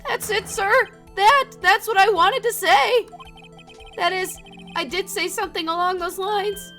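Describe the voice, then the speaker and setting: Woman as a nervous rookie cop, squeaky high pitch, loud, jumpy. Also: fairly even intonation, unhurried, faint music behind, heavily acted. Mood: eager. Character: jittery, overeager young male cop who says "sir".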